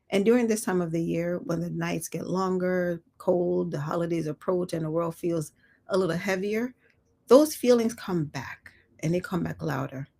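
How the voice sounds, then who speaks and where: A woman hosts a quiet live reflection, talking in a gentle, unhurried way. Her voice sits a little low and has a gravelly edge of vocal fry. Small laughs come between her thoughts. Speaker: host.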